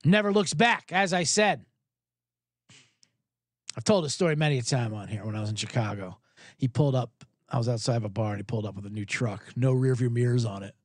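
A man's voice: medium pitch, a little fast, no echo, clean studio sound. A man hosting a sports betting podcast, talking in a rambling, profane, casual way.

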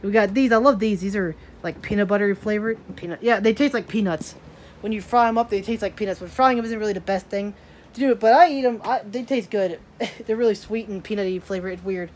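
A young woman rattles off her day to the camera, quick and rambling, drifting from topic to topic. Her pitch sits in an ordinary middle range. A faint hiss of background noise runs under her voice. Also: darkish tone. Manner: rambling, chatty, talks to her pets. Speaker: daily vlogger. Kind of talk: casual vlog chat. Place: rural home and garden.

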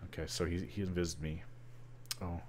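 Canadian man, deep voice, rambling gameplay commentary, self-deprecating, faint hum and keyboard typing. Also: flat delivery, moderate pace, a little mellow. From British Columbia, Canada. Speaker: gamer.

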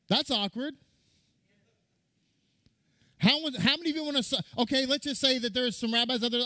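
A man, a rabbi, preaching a sermon to a congregation in an animated way, firing rhetorical questions at his listeners. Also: very high voice, brisk, pauses often. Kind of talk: sermon teaching.

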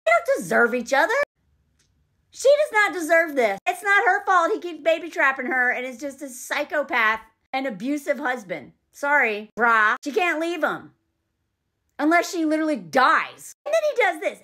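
A woman giving casual, sarcastic commentary on a movie scene, animated and quick to laugh. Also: sits high.

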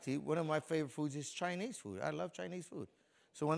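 A man's voice: fairly high pitch, lively intonation, fast, gravelly. A middle-aged male pastor from Compton, California, preaching a sermon in a conversational way and speaking straight to people in the congregation. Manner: conversational preaching, talks directly to congregation members.

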